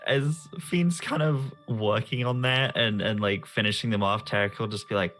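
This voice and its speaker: A man's voice: on the low side, normal speed, fairly bright tone, faint music behind. A man playing a tabletop game, explaining his character's actions in an easygoing, slightly awkward way. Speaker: player.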